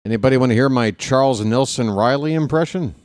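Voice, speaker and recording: A man calling live baseball play-by-play in a casual way, with jokey, rambling asides between pitches. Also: fast talker, a little mellow, no room sound, studio quality. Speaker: play-by-play announcer.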